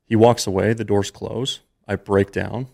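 Gravelly low-voiced man telling a story. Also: steady tone, unhurried, darkish tone. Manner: earnest, emotional storytelling with fillers. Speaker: podcast guest, entrepreneur. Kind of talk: storytelling in a conversational interview.

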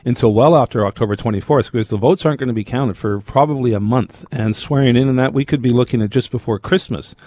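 A man giving measured political analysis on a radio panel, often stopping to restart words. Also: mid-range voice, warm tone, no room sound. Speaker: political commentator.

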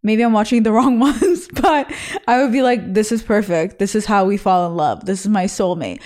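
A woman's voice: medium pitch, moderate pace, a little mellow. A young woman from Israel hosting a show, reacting to listener stories in a candid, bawdy, laugh-filled casual chat. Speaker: host reading listener stories.

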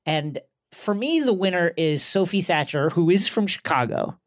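A woman's voice: fairly low pitch, expressive, normal speed, no room sound, clean studio sound. A woman co-hosting a podcast, talking in a playful, casual way with frequent fillers. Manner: playful, hesitant, with many fillers. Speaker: podcast co-host. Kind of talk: casual chat.

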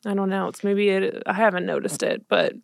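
A woman's voice: medium pitch, lively intonation, fairly quick, gravelly, no room sound, studio quality. A woman co-hosting a podcast in casual chat, teasing and bantering with her friend. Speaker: podcast co-host.

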